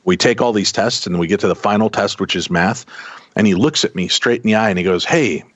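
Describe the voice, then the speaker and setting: A middle-aged man tells a long personal story in a casual, animated way, acting out the people he met. His voice sits low. The sound is dry and a little muffled. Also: quick pace, no echo. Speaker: podcast guest telling a story. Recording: dull, dry close sound.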